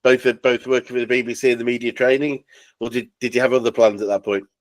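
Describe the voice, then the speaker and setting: Man, interviewer, encouraging, middle pitch, dry sound. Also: little pitch movement, fast, no echo. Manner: encouraging, brief affirmations. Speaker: interviewer, business coach.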